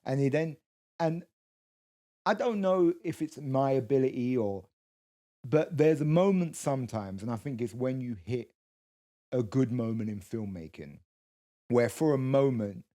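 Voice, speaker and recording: A man's voice: mid-range voice, expressive, unhurried, pauses often, mellow. A man co-hosting a podcast, telling a long story with lots of restarts, quoted voices and swearing. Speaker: co-host. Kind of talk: casual storytelling chat.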